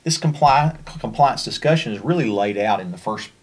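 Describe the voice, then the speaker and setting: A man's voice: fairly low pitch, lively intonation, fairly quick. A man with a Kentucky accent presenting a special education training over slides, in a conversational way with frequent fillers and restarts.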